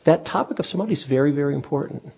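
A man teaching meditation to a group, speaking in a relaxed, conversational way with frequent pauses and restarts. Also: on the high side, gravelly, breathy edge, muffled recording. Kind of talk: dharma talk. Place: meditation hall with audience.

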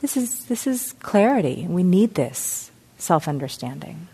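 A middle-aged woman teaching mindfulness, explaining in a reflective, gentle way and telling a parable. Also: on the low side, sing-song, a little slow, vocal fry, slightly rough.

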